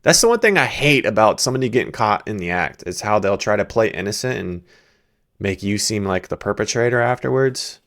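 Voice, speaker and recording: A man's voice: on the low side, expressive, fairly quick, fairly bright tone. A man hosting a reaction video, telling loose, profane anecdotes in a casual chat. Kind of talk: casual storytelling commentary.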